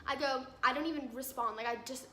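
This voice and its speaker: A woman's voice: high voice, steady tone, fast, pushed and bright, slight background noise. A teenage girl vlogging a storytime, exasperated and full of "like" fillers, in a roomy space. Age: teens. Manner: exasperated, filler-heavy retelling. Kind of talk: storytime vlog. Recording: roomy echo with faint ambience.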